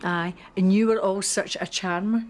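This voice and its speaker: An actress playing a wary, nervous middle-aged Scottish shop owner in a TV soap drama. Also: female voice, mid-range voice, fairly even intonation, moderate pace, a little hiss or hum, lightly acted. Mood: wry.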